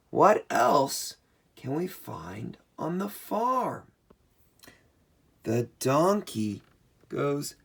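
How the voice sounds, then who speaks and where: A woman presenting a children's learning video, speaking very slowly and deliberately. Her pitch swings widely and playfully as she gasps in surprise and imitates animal noises for young viewers. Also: very animated, gravelly, husky. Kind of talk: children's educational storytelling.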